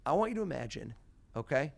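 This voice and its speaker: A man performing mind-reading as a podcast guest, talking theatrically and building to loud excited bursts. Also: mid-range voice, quick pace, gravelly. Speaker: mentalist guest.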